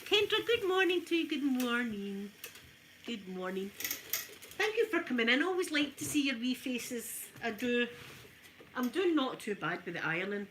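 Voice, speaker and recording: A Scottish woman chatting casually to her live viewers while ironing, in a soft, emotional, friendly way. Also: fairly high pitch, very animated, moderate pace, a little hiss or hum. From Scotland. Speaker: ASMR streamer.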